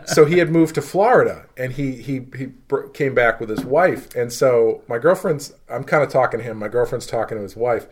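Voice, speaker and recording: A man in his thirties with a mild Boston accent, co-hosting a casual podcast chat. He talks at an even, middling pitch and drops dry, wry asides. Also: moderate pace, few pauses, slight background noise. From Boston, USA. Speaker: podcast co-host.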